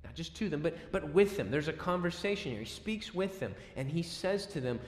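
A male preacher delivers a storytelling sermon, acting out scenes with bursts of volume and quiet dips. His voice sits a bit high for a man. The recording carries a long, roomy echo from a large hall. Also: lively intonation, brisk. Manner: dramatic storytelling with sudden loud and soft swings. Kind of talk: expository sermon. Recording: echoey hall with long reverb.

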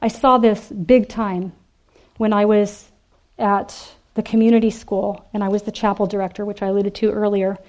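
A woman giving an animated, emphatic sermon to a women's gathering, acting out the quoted voices. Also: medium pitch, moderate pace. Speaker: speaker at a women's ministry event.

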